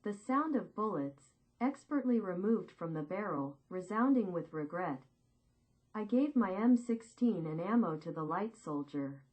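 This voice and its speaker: A woman reading a first-person war memoir as slow, measured, solemn scripted narration with deliberate pauses. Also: mid-range voice, narrow, tinny audio.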